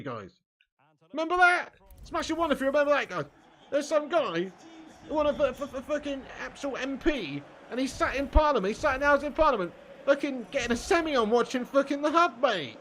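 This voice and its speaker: A young British man streaming a football game live, ranting and swearing at length and laughing often between comments. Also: very high voice. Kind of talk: casual live-stream rant.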